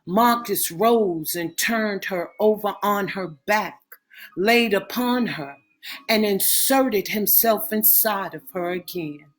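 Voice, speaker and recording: A woman narrating a romance novel aloud in a measured, expressive way. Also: mid-range voice. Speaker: audiobook narrator.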